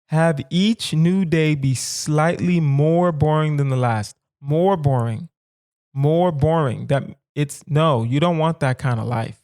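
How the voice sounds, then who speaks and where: Rambling man in his thirties, smooth voice. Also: fairly high pitch, measured pace. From southern United States. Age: 30s. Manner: animated, rambling, talks to listeners with rhetorical questions. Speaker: comedian podcast host. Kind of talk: casual solo podcast musing.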